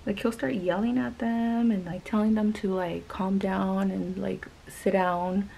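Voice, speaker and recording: A woman's voice: medium pitch, fairly even intonation, unhurried, gravelly, mellow, a little hiss or hum, low-quality recording. A young woman vlogger telling a story casually while doing her makeup, rambling with lots of filler words. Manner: chatty, rambling, many "like" fillers. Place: home.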